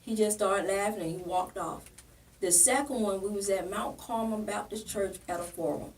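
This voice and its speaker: An earnest, plain-spoken woman pastor recounts a painful experience in a podcast interview and acts out the remembered exchanges. Her voice sits at an ordinary pitch and is picked up a little distance from the mic, with a faint hiss underneath. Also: moderate pace. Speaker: pastor and political candidate. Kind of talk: emotional personal storytelling in a podcast interview.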